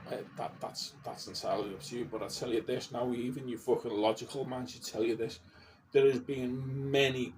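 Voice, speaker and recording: A man vlogging in a casual, blunt rant, swearing constantly and getting worked up as he talks. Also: mid-range voice. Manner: heavy swearing, blunt and heated; gets animated and worked up. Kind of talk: casual ranting monologue. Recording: distant mic with faint background noise.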